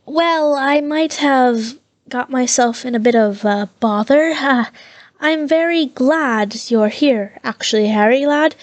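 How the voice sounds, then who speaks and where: Give me a wheedling East End rogue, croaky and high, as a woman reader puts him on. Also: slow, dry recording. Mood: wheedling nervous. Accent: East End London. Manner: wheedling, nervous, fumbling with fillers. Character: shifty older male crook, croaky.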